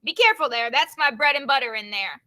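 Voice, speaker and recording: A friendly male saxophone player, easygoing and a little bossy, as a woman reads him aloud. The voice is high and bright, heard over a video call. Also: animated, fast.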